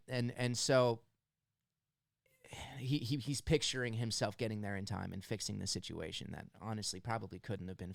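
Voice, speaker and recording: A young man from the United States hosting a music reaction, talking in an earnest, halting way and near tears as he breaks down a song. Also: medium pitch, clear, resonant tone, no room sound, clean studio sound. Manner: earnest, halting, stumbles over words. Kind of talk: emotional song analysis.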